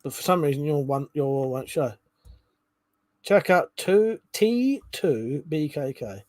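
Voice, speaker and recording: A man's voice: on the high side, animated, slow pace, darkish tone, no room sound. A man hosting a casual livestream, reading viewers' comments aloud, chuckling and swearing freely. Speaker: livestream host reading chat. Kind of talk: casual chat.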